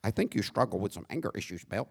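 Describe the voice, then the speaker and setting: A man's voice: fairly low pitch, sing-song, fast, vocal fry, husky, voice pushed down, heavily acted. A male pastor putting on a corny, overly polite voice for a mild, proper wife. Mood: prim. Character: prim soft-spoken wife, mild and proper.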